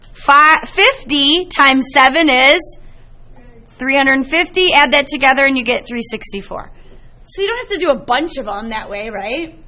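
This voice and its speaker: Middle-aged woman math teacher, bright tone, lively storytelling to a class. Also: high voice, a little slow. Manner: lively, chatty storytelling to students.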